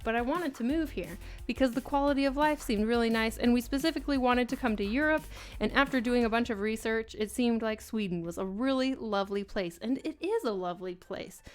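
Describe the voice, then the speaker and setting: A chatty woman hosting a live stream, talking casually to her chat and laughing easily. Her voice sits a little high. Faint music plays quietly underneath. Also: fairly quick. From United States. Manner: chatty, reads chat aloud, laughs often.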